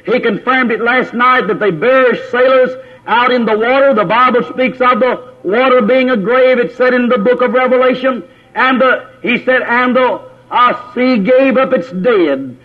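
High-voiced preacher, tinny recording. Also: male voice, moderate pace. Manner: repetitive, asks the congregation questions, calls on brothers by name. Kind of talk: sermon.

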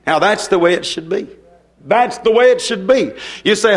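A man preaching a fiery sermon, folksy and emphatic, swinging between soft asides and forceful declarations. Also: high voice, lively intonation, normal speed.

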